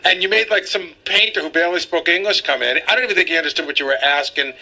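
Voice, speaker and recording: A middle-aged man with a fairly high, bright and sharp voice retells an old grievance on a radio talk show. He talks with indignant, animated energy. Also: racing, low-quality recording.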